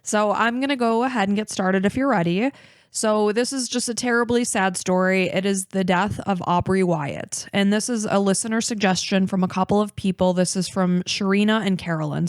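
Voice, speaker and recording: A woman in her thirties hosts a podcast, mixing casual chat with narration of a case, and she becomes emotional and teary, talking openly about crying. Her voice is lowish and smooth, recorded dry at studio quality.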